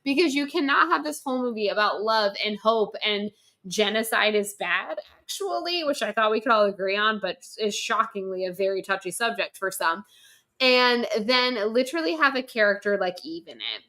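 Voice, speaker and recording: A woman's voice: medium pitch, animated, moderate pace, sharp tone. A young woman co-hosting a casual podcast, ranting emphatically and swearing freely. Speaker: podcast co-host.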